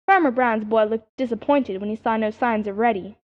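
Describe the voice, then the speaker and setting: A woman's voice: fairly high pitch, a little fast. Woman reading a children's story. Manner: expressive storytelling. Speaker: audiobook narrator. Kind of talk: scripted narration of a children's story. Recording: dull lo-fi audiobook recording.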